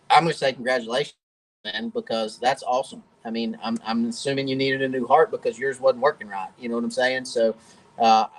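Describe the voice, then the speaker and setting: The host of a fishing channel runs a live-stream Q&A chat from his home workshop, folksy, talkative, and laughing often. His voice is mid-range, and the recording quality is low.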